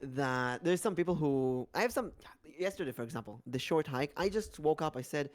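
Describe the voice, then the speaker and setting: A man co-hosting a podcast, chatting casually about streaming in a lively, slightly halting way. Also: a little high.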